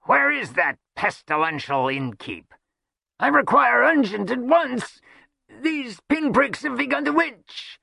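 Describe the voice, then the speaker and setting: A shrill, pop-eyed rogue squeals far above a normal man's voice. He whines and blusters with pompous outrage. The recording is close and dry, with no room sound. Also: sing-song, takes it slowly, gravelly, bright, forceful tone, dry recording, exaggerated voice. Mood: indignant whining. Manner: shrieking, whining, pompous.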